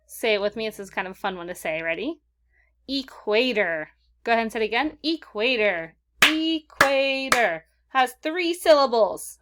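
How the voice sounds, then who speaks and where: Upbeat female teacher, slightly high pitch, clear and patient for a kids' lesson. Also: a bit bright. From California. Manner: upbeat, slows to stress key words. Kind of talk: recorded classroom lesson for kids.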